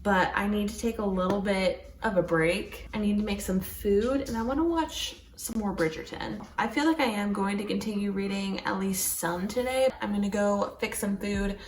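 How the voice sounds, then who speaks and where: A woman chats through a casual reading vlog, gushing and eager, with plenty of "like" fillers. Her voice sits at an everyday middle pitch. The room around her sounds open and echoey, with a faint hum in the background. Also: moderate pace, few pauses. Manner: gushing and chatty, frequent "like" fillers. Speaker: book vlogger.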